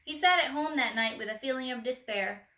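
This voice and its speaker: Woman, children's storybook reading, expressive, high bright voice, echoey room. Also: brisk. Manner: expressive, gently asks the listener questions.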